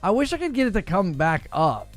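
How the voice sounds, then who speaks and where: A man's voice: high-pitched, very animated, fairly quick, dry recording, soft background music. A man hosting a gaming livestream in a casual, chatty way, laughing often and talking to his viewers. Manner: laughs often, talks to chat.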